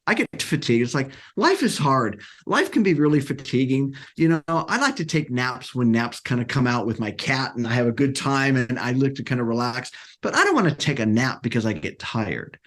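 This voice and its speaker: Animated man career coach. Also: medium pitch. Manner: animated, acts out quotes with restarts. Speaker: career coach, podcast guest. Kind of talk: casual interview talk.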